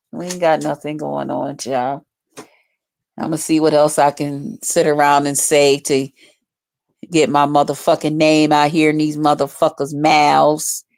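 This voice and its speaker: A woman with a low, gravelly voice rambles loosely to her stream viewers, cursing freely as she talks straight to them. She sounds like she is chatting from home into a phone. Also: darkish tone, no echo. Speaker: livestreamer. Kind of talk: casual livestream chat.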